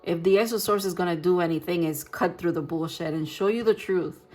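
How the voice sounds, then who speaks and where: Soft-spoken woman giving a tarot reading. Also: lowish voice, brisk. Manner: gentle, reassuring, rambling with restarts. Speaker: tarot reader. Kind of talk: pick-a-card tarot reading.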